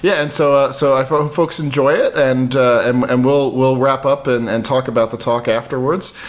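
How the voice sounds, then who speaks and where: A man co-hosting a podcast, chatting casually and quickly with many restarts. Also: mid-range voice, fairly even intonation. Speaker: podcast co-host. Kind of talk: casual chat.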